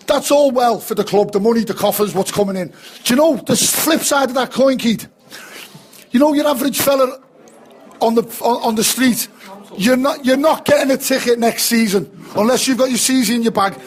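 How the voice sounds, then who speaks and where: A man's voice: very high-pitched, fairly quick. A man with a Liverpool accent ranting passionately about football in a heated fan chat.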